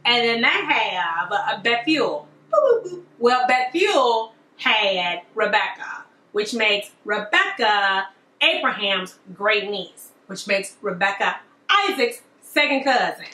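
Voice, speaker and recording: A woman's voice: medium pitch, animated, slow pace, pushed and bright. A woman retelling a story in playful, slangy comic style. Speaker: comedic storyteller. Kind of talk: comedic retelling. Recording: roomy echo.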